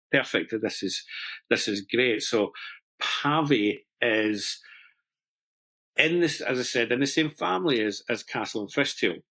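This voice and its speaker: Speaking on the low side with a pushed, bright quality, a middle-aged man who's a master stone setter talks through a jewellery method, chatting and poking fun at himself amid fillers and false starts.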